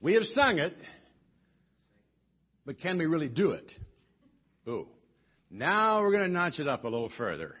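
A man's voice: a little high, wildly swooping pitch, moderate pace, long pauses, slightly rough, dull audio. A male pastor giving a sermon in a church, coaxing the congregation into singing with a chatty, joking manner. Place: church sanctuary.

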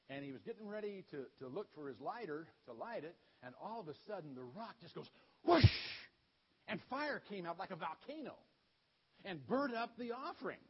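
A man delivers a children's story sermon in a folksy, informal retelling. His voice is high and very lively in pitch. The recording sounds dull and lo-fi. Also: husky.

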